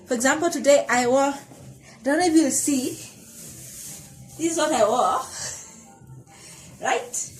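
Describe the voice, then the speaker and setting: A woman's voice: high voice, measured pace, pauses often, soft background music, poor audio. A woman in her thirties talking candidly to camera in a reflective, confessional personal vlog, often correcting herself mid-sentence. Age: 30s. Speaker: vlogger.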